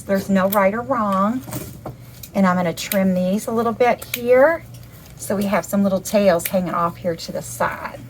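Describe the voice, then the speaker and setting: A woman's voice: mid-range voice, low-quality recording. A woman talks through a hands-on craft demonstration, one step at a time. Her delivery is chatty and upbeat, and she often stops to point out the cute details. There is a faint noise floor under her voice. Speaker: craft instructor.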